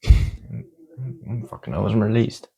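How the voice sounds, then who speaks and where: A man's voice: on the low side, lively intonation, takes it slowly, creaky, warm tone, husky. A man chatting as a guest on a casual podcast, answering with incredulous, joking banter and casual swearing. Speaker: podcast guest, host's cousin.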